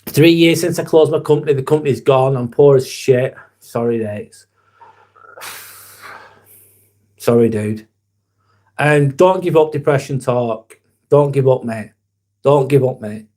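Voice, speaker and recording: A man's voice: medium pitch, slow pace, pauses often, a little mellow. A young man hosts a casual live vlog, talking in an earnest, rambling way and swearing casually. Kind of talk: casual live-stream chat.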